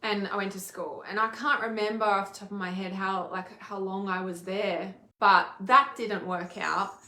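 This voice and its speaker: A woman's voice: medium pitch, fairly even intonation, moderate pace, sharp tone. Candid swearing woman in an echoey room. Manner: candid, swears freely, emphatic. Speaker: intuitive healer and mentor. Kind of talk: casual personal video talk.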